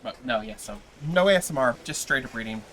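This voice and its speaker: A man's voice: mid-range voice, animated, fairly quick, a bit bright. A man hosting a livestream, chatting casually and playfully with his viewers before a reading. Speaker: livestream host and reader.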